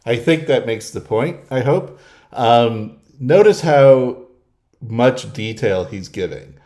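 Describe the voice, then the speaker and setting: A man's voice: medium pitch, lively intonation, slow pace, darkish tone. A man commenting casually on an interview clip, explaining his observations. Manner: explanatory, mimics speakers with laughs. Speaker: personality-type commentator. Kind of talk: casual commentary over clips.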